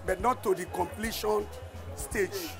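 A man, a community development official, giving a halting on-site briefing about local projects, with many restarts. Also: high voice, over music.

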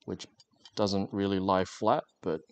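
A man's voice: deep voice, level tone, unhurried, clear, resonant tone. Rambling, joking man streaming while crafting. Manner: rambling, joking, many fillers. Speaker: livestreamer. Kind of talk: casual live-stream chat while crafting.

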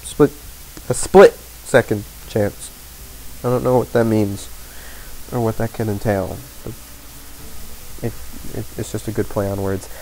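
A man giving gaming commentary as a let's play host, ranting in exasperation, swearing and yelling at the game. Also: on the low side, fairly even intonation, unhurried, pauses often, slight background noise.

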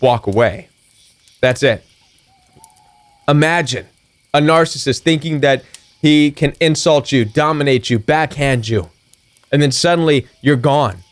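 High-voiced preachy male coach. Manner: preachy, emphatic, acts out quoted retorts. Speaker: recovery coach. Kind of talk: motivational talk.

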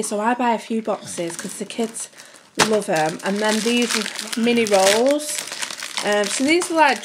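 A woman's voice: a little high, very noisy. Breathless chatty woman vlogger. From United Kingdom. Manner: chatty, rambling, keeps addressing viewers as guys. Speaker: family vlogger. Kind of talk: casual grocery haul chat to camera.

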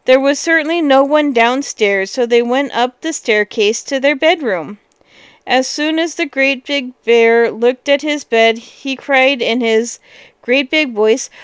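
Smooth-voiced woman reading a fairy tale. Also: fairly high pitch, a little slow, no room sound. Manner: expressive, with lively exclamations. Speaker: storyteller.

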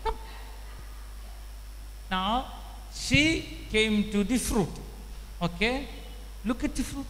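A man preaches in a high, bright voice, slow and deliberate. He throws questions at the crowd and pushes them to answer louder. The sound echoes through a large shrine hall with faint background noise. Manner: rhetorical, pushes audience to respond. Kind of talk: lively sermon to a crowd.

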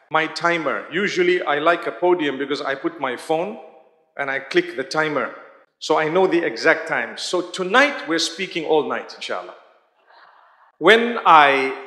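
Male lecturer, high register, chatty preaching style that draws in the crowd; roomy hall sound. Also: fairly bright tone. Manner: conversational, often asks the audience questions. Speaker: Islamic lecturer. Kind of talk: live religious lecture to an audience. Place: large hall. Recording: echoey hall reverb.

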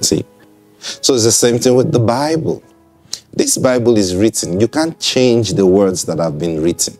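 A man's voice: lowish voice, animated, normal speed, a little mellow, faint music behind. A man preaching in a broadcast sermon. He speaks conversationally, repeats himself and checks in with listeners.

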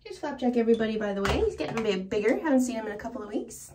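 A woman's voice: fairly high pitch, very animated, rapid-fire, darkish tone, slight background noise. Chatty woman vlogging casually. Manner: chatty and candid, many "like" fillers and small laughs. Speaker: self-employed illustrator at an artist alley. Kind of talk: casual vlog chat.

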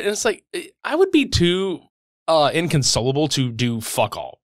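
A man's voice: fairly high pitch, wildly swooping pitch, normal speed, no echo, studio quality. A man hosting a film podcast, casually recapping the plot and swearing freely. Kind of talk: casual film-review chat.

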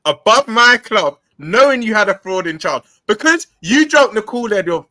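A man's voice: sits high, animated, moderate pace, pushed and bright. A man teasing a rival fan in football banter. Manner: teasing, mocking.

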